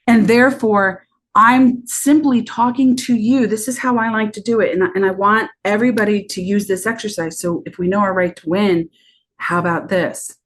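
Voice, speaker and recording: A woman business coach on a podcast, talking in a lively way and acting out bits of sales talk. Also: mid-range voice, normal speed. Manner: animated, acts out sales talk.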